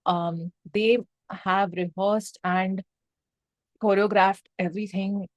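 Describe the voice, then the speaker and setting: A young woman reviewing a film in casual, excitable speech, swearing freely and mixing in Hindi phrases. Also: medium pitch, slow pace, dry recording. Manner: emphatic, excitable, mixes Hindi phrases into English; swears freely, lots of fillers like 'um' and 'like'.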